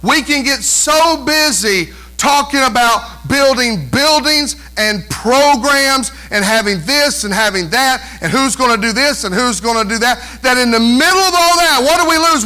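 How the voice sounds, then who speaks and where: A man's voice: very high-pitched, animated, a little slow, few pauses, bright, forceful tone, low-quality recording. A man preaching a sermon as pastor of a church, emphatic, with many rhetorical questions.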